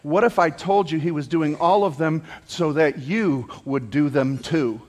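A male pastor delivering a sermon, asking the congregation rhetorical questions and raising his voice near a shout at peaks. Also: on the high side, measured pace. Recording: long hall reverb.

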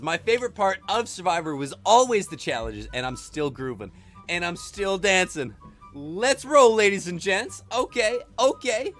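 A man giving energetic let's-play commentary as a gaming YouTuber, quick to exclaim and often repeating himself. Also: high voice.

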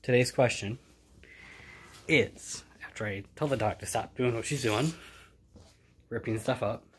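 A man chatting quietly in a casual home vlog, keeping his voice down and sighing now and then. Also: mid-range voice, unhurried, slight background noise. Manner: hushed and chatty, with sighs. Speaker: vlogger. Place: home indoors.

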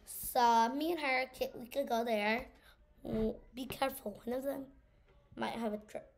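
A woman's voice: fairly high pitch, steady tone, moderate pace. A woman giving casual gameplay commentary, teasing and saying "bro" a lot. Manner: teasing, says "bro" a lot, scared outbursts. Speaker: gamer.

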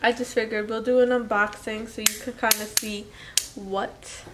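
A woman's voice: fairly high pitch, little pitch movement, normal speed, background noise. A woman vlogger and new mother talking casually through a product unboxing, chatty and self-deprecating, with fillers like "anywho".

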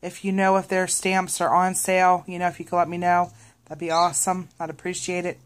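A craft vlogger with a lowish voice chats casually to her viewers, talking a little fast and rambling with many fillers and restarts. She becomes animated whenever she retells a scene.

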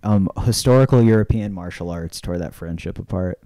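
A man's voice: low-pitched, a little fast, mellow. A man co-hosting a podcast in casual, crude banter, swearing often and mocking people. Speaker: podcast co-host.

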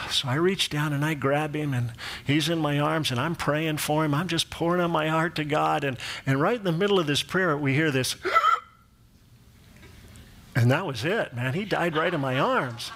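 Male pastor, middle-aged, preaching with lively storytelling, slightly higher-pitched voice, acts out the voices in his anecdotes. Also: a little slow. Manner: animated storyteller, acts out quoted voices, laughs at his own jokes. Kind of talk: sermon with personal storytelling.

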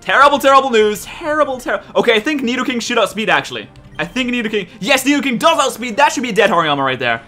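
Man, gameplay commentary, high voice, bright tone, excitable, swearing, faint music behind. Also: fairly quick. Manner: excitable, swears and shouts at the game. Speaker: let's play commentator.

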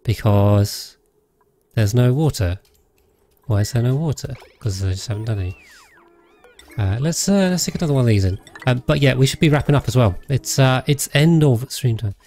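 A man's voice: mid-range voice, expressive, moderate pace, darkish tone, faint music behind. A man chatting casually on a livestream while playing a game, rambling with frequent hesitations and self-corrections. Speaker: game streamer.

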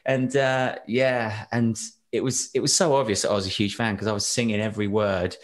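A young British man, a singer, chatting as a podcast guest and telling animated stories with frequent laughs and restarts. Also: on the low side, a little fast. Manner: animated storyteller, laughs often, many restarts. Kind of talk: casual interview chat.

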